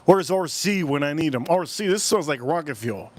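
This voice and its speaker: A man with a fairly high voice chatting loosely on a home livestream. He rambles, circles back and repeats lines, now and then breaking into chants as he thanks viewers. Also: animated, moderate pace. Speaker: livestream host. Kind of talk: casual livestream chat.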